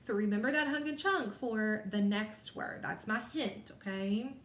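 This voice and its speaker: A woman teacher leading a phonics lesson, stretching words out slowly and sounding each letter carefully. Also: mid-range voice, fairly bright tone, a little hiss or hum. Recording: echoey room.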